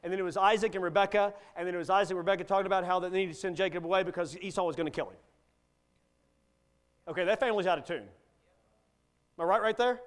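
A man's voice: high-pitched, quick pace, long pauses, clean tone. A middle-aged male guest preacher delivering a sermon in a folksy, joking manner.

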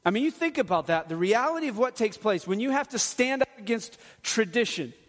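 A man's voice: high voice, expressive, brisk. A middle-aged man, a pastor, preaching a sermon in an earnest, conversational way with touches of humor. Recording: long hall reverb.

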